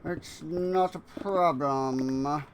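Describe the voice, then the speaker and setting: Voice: medium pitch, very slow, slight background noise. A streamer putting on a smug old cartoon villain.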